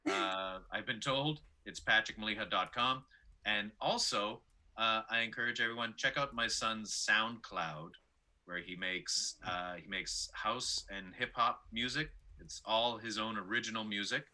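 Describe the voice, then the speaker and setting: Man, middle-aged, stand-up comedian, deadpan, self-mocking, hesitant fillers, very bright voice. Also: lowish voice, unhurried. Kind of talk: deadpan self-deprecating comic chat.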